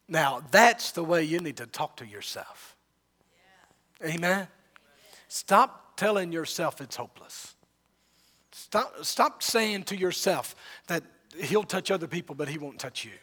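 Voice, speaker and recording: A man's voice: a little high, expressive, a little slow, sharp tone, slightly rough. A male preacher delivering a sermon, telling the story dramatically and rising and falling in volume.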